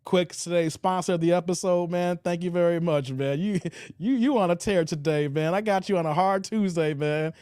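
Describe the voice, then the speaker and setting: Brief: male reaction host, high for a man, joking and loose, dry close mic. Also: normal speed, hardly any pauses, darkish tone, clear, resonant tone, dry recording. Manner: loose, joking, laughs often. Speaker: commentary show host. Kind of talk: reaction commentary reading live chat.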